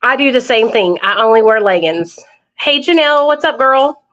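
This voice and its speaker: A woman's voice: on the high side, lively intonation, moderate pace, fairly bright tone, lo-fi sound. Chatty woman on a phone livestream. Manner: chatty, talks straight to viewers, swears freely. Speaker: livestream host. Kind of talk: casual live chat.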